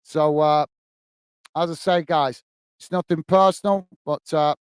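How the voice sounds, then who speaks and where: A man's voice: a little high, steady tone, measured pace. A man hosting a football live stream, chatting casually and reading out viewer comments, often calling people mate. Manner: casual, says "mate" often, many fillers and restarts. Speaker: football channel host.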